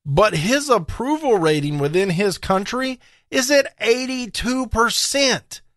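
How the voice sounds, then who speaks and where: A man's voice: high-pitched, expressive, a little slow, fairly bright tone, no room sound, clean studio sound. A man hosting a political talk radio show, delivering emphatic, combative commentary with sarcastic asides.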